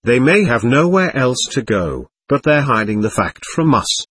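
A man's voice: mid-range voice, sing-song, normal speed, a bit bright, breathy edge. A man voicing an eager, speculative young male aide in an audiobook.

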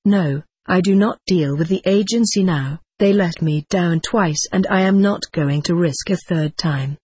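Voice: medium pitch, unhurried, darkish tone, breathy edge, dry recording. A reader voicing a prim, formal country rector in a storybook. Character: fussy country rector, older man.

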